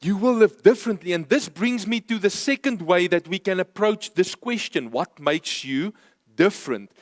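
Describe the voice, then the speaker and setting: A man's voice: high voice, expressive, normal speed, dry recording, studio quality. A man preaching a sermon, emphatic and repeating key phrases for stress. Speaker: pastor. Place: church.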